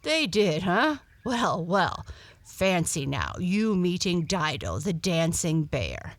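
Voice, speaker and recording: A gruff but kindly male dog, voiced by a woman, hearty and blustery with loud, bouncing lines. His slow delivery sits in a dry, close sound with faint music under the storybook reading. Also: on the low side, big pitch swings, dry recording, exaggerated voice.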